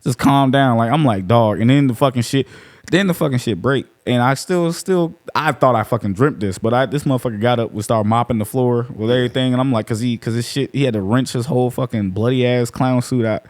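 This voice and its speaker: A man talks casually on a podcast and swears freely as he retells a scene. His voice sits in a middle pitch, and his delivery is loose and animated. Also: brisk. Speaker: podcast panelist. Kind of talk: casual profane chat.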